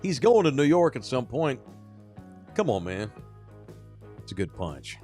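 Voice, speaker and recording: A man's voice: mid-range voice, big pitch swings, unhurried, warm tone, soft background music. A man hosting a sports podcast, chatting casually and rambling in a self-deprecating way. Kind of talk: casual chat.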